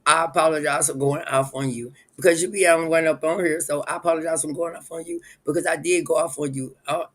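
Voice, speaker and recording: A man's voice: a little high, fairly even intonation, quick pace, rough recording. A man hosting a casual live stream, rambling and chuckling as he talks straight to his viewers.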